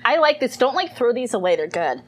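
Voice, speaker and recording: Animated woman podcast co-host. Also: on the high side, fairly quick, slightly rough. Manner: animated, laughing, swearing casually. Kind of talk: casual chat, food tasting. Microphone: studio mic.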